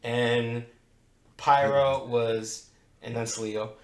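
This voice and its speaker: A man's voice: mid-range voice, very slow. Profane storytelling man, echoey room. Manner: profane, animated, acts out voices in his stories. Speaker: strip club DJ and podcast co-host. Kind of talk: casual storytelling.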